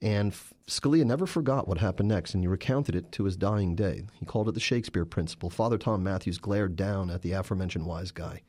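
A man's voice: sits low, fast, few pauses, darkish tone. A man, a journalist and author, answering interview questions with emphatic, storytelling narration.

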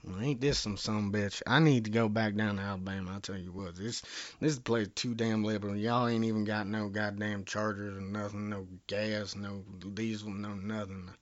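A man's voice: lowish voice, fairly even intonation, moderate pace, hardly any pauses, muffled recording. Rambling Southern man on a prank call. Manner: bumbling, rambling, profane. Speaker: prank caller.

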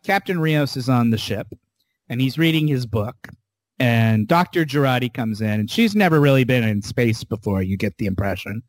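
A man casually retelling a television episode scene by scene as a podcast co-host, animated and swearing now and then. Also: medium pitch, moderate pace, dry recording.

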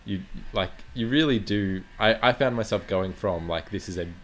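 A man's voice: fairly low pitch, normal speed, soft background music. A man giving thoughtful, hesitant opinions in a casual chat about a film.

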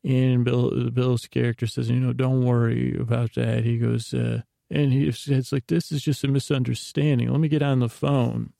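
A man's voice: mid-range voice, level tone, normal speed, gravelly, hardly any pauses, mellow, no echo, clean studio sound. A man hosting a sleep podcast, retelling a TV episode in a meandering bedtime ramble full of restarts and asides. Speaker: podcast host.

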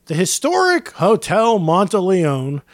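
Man, podcast co-host, casual chat, high voice, dry close sound, jokey rambling delivery. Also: huge pitch swings, measured pace, dry recording. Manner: jokey, rambling, with frequent fillers. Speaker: podcast co-host presenting the drink.

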